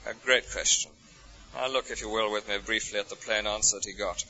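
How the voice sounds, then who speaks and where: An English preacher delivers his sermon with a bright, forceful edge. He leans on rhetorical questions, lifting high with feeling and then dropping to near a whisper. The recording is muffled and lo-fi. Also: brisk. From England. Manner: expressive, rhetorical questions, swings from soaring to hushed. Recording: dull lo-fi recording.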